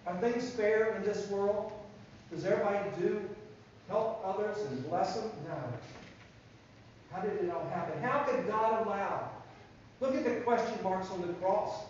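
A man's voice: high-pitched, slight background noise. A man telling a Bible story to children at church, asking the listeners questions and answering them himself. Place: church room. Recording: very echoey, distant, dull room recording.

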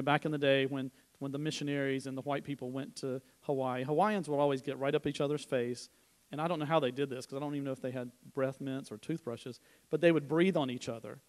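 A middle-aged man giving a conversational sermon at church, telling personal stories with informal restarts and asides. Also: mid-range voice. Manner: informal storytelling, frequent restarts. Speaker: church speaker.

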